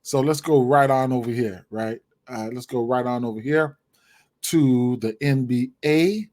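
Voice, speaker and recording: A man's voice: mid-range voice, unhurried, a little mellow. A man giving his sports betting picks in casual, rambling talk, full of fillers and repeated words. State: hiccups, clearing throat.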